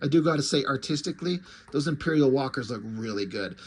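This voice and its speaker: A man's voice: medium pitch, expressive, fast talker, a little hiss or hum. A man reviewing comics in casual chat, loose and profane, with many fillers.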